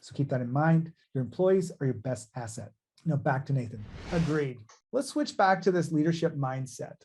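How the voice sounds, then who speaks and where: A man's voice: fairly high pitch, lively intonation, normal speed, darkish tone, breathy edge. A man hosting a business interview podcast, asking questions and adding coaching asides to the listeners. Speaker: podcast host.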